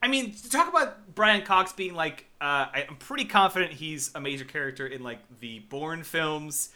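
Brief: a man with a bright, fairly high voice who curses through a loose, exasperated movie recap. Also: moderate pace. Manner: animated, profane, recaps scenes with wry exasperation. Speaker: podcast co-host. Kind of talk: casual movie review chat.

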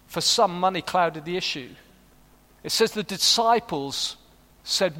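A man's voice: high-pitched, lively intonation, a little slow, bright, forceful tone. A middle-aged man preaching a sermon, earnest and rising to fervent appeals. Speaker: pastor. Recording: long reverb of a large hall.

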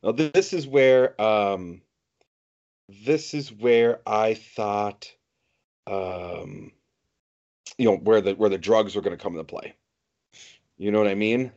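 Brief: male podcast co-host, low voice, agreeable, halting with ums, dull lo-fi audio. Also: darkish tone. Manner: agreeable, hesitant, many ums and restarts. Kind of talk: casual chat. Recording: dull lo-fi recording.

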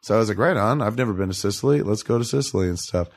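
Lowish-voiced guy rambling through a story, lots of swearing, casual chat. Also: animated, very fast.

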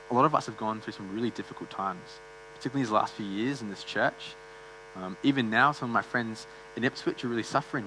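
A man's voice: fairly low pitch, noisy background. A man preaching a sermon in a church, earnest and conversational, with frequent fillers and restarts.

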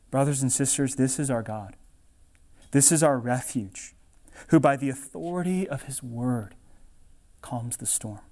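A man preaching a sermon, earnest and dramatic, swinging from raised urging to hushed, near-whispered lines. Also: a little high.

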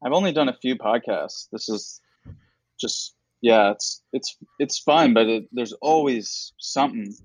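A man telling a lively, animated story in casual chat, slipping into the voices of the people in it. His voice sits at a middle pitch. The sound is dry and close, with no room echo. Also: unhurried. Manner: animated, acts out other people's lines. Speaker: comedian guest.

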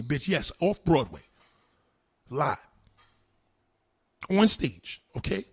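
A man with a raspy, somewhat high voice rants straight to the camera. His pitch swings widely, from low mutters up to shouted insults. He talks with crude, cutting bluntness. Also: sing-song, measured pace, long pauses. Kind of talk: heated profane rant to camera.

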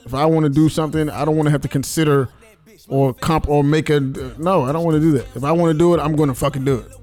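A man talks quickly in a casual podcast conversation. He rambles, restarts and swears freely. Faint music sits under his voice. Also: fairly high pitch, steady tone, a little mellow. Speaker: podcast host.

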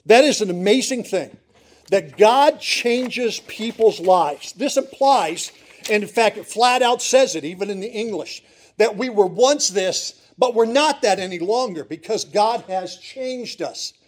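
A man's voice: high-pitched, animated, unhurried. A middle-aged male pastor preaching a sermon in church, earnest and pleading, repeating words for emphasis.

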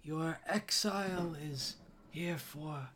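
A man voicing a vengeful older male village elder who sneers and shouts in a raised, strained voice. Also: fairly high pitch, slow, slight background noise, pitched above the performer's own voice. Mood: scornful.

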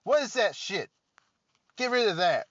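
A man putting on the voice of a loud, indignant grown man in an exaggerated, scornful way. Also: sits high, big pitch swings, unhurried, dry recording, dull audio, pitched above the performer's own voice, exaggerated voice.

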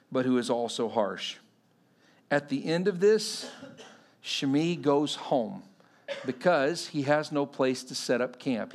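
A pastor preaching a sermon, animated, acting out the voices in the stories he tells. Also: a little high, gravelly.

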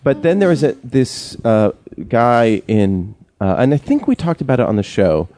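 A man's voice: mid-range voice, big pitch swings, moderate pace, mellow, no echo. A man hosting a casual show, telling stories with many ums and restarts. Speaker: podcast host. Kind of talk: casual chat.

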